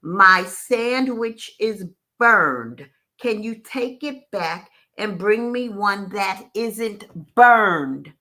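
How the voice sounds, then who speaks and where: A woman voicing a hungry, frustrated young man who speaks sternly and deliberately. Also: mid-range voice, lively intonation, bright, forceful tone, heavily acted.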